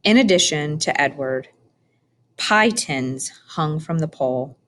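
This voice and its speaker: A woman narrating a children's storybook in a calm, measured reading. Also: low-pitched, a little hiss or hum. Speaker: audiobook reader.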